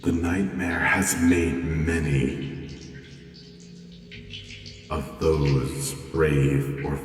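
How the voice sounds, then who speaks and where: An ancient spirit bound in a stone, speaking in slow, solemn warnings. His voice is extremely deep and drags out each phrase. It sounds far off in a vast echoing hall, with music underneath. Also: fairly even intonation, exaggerated voice. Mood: ominous. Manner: slow, solemn, ominous pronouncements. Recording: echoey, distant, with music.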